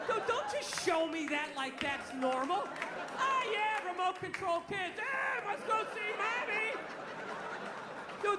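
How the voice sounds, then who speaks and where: A man in his forties does a profane, ranting stand-up routine at a comedy club before a live audience. His voice is very high-pitched, buried in heavy background noise, and the echoey venue is full of loud crowd laughter.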